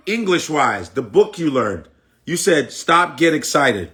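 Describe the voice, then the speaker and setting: A comedian from the Bronx with a New York accent, ranting and teasing on a phone livestream. He talks slowly but his pitch climbs and dips all over. He keeps repeating the same punchlines in new voices. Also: big pitch swings, fairly bright tone. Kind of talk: mocking comic rant on a live stream.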